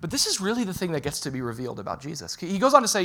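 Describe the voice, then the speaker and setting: A man preaching a sermon in a conversational way, asking the listeners questions and swinging from loud bursts to quiet lines. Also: high-pitched, big pitch swings, very fast. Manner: conversational, asks the audience direct questions. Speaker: pastor.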